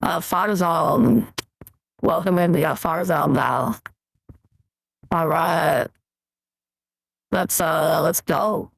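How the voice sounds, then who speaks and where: A man's voice: on the high side, extremely slow, vocal fry, pauses often, slightly rough, dry recording, rough recording. A man hosting a casual live stream, rambling as he sets up his gear and greets viewers before reviewing their mixes. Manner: relaxed, rambling, talks through tech setup.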